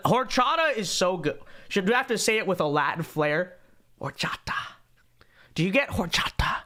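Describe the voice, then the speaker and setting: A young adult man with a high-sitting voice that sounds pushed and bright hosts a podcast livestream. He chats casually and reads super chats, joking sarcastically and repeating catchphrases, tired but still talkative.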